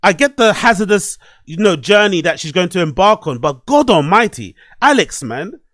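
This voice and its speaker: A man's voice: sits high, moderate pace, no room sound, studio quality. A man hosting a solo commentary podcast, talking animatedly, swearing and repeating himself as he rants. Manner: animated, swearing, repetitive ranting. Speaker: podcast host. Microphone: desk microphone and webcam.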